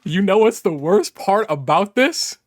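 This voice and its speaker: A man doing casual reaction commentary, exasperated and incredulous, swearing and swinging from muttering to loud outbursts. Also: sits high, expressive, unhurried. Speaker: gaming YouTuber reacting to a response video.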